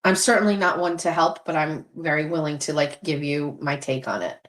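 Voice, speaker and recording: A woman's voice: low voice, brisk. A middle-aged woman hosting a livestream, chatting candidly, swearing freely and reading viewer comments aloud. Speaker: livestream host. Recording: roomy echo.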